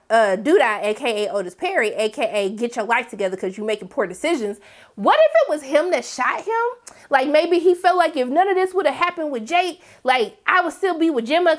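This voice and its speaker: High-voiced chatty woman recapping TV. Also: fairly bright tone. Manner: chatty and opinionated, talks straight to viewers; breaks into acted quotes of characters. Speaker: TV recap reviewer. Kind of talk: casual TV episode recap.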